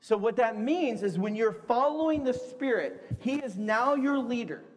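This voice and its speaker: A man preaching a conversational sermon to a congregation, lively and acting out the voices he quotes. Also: very high voice, moderate pace. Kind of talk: sermon with audience games. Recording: long hall reverb.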